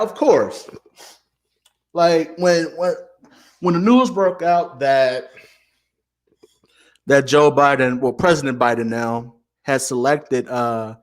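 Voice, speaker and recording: A man in his late twenties hosting a casual commentary show, talking with animated, heartfelt emotion, stammering and repeating "man" often. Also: medium pitch. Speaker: host.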